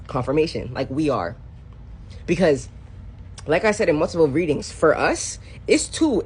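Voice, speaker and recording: A woman's voice: extremely low pitch, slight background noise. A young woman talking in an emotional, rambling confessional vlog, slangy and repetitive. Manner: animated, rambling, slangy, repeats phrases. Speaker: spiritual content creator.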